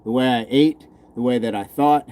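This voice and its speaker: This American man speaks at a moderate pace in a smooth, slightly mellow, medium-pitched voice. Hosting a fitness livestream, he stays laid-back, reading viewer comments and answering chat questions between workout sets.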